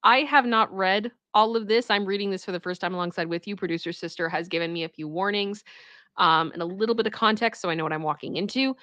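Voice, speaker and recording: A woman streams herself reading a story aloud for the first time. She keeps breaking in with animated, exclaiming reactions. Her voice is bright and forceful, and the sound is dry and close. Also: mid-range voice, quick pace, dry recording. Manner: animated, exclaiming reactions between read passages.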